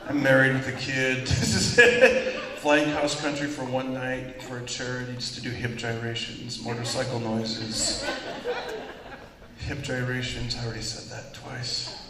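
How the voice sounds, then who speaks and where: A man doing a stand-up comedy set on a large theater stage, animated and jokey, slipping into silly voices. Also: mid-range voice, measured pace. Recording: echoey hall, far mic, crowd. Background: audience laughing and clapping.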